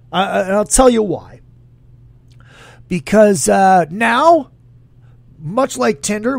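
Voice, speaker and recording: A man's voice: sits high, creaky, dry recording. A man hosting a casual solo podcast, rambling in a crude, jokey way and reading listener comments aloud. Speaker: podcast host.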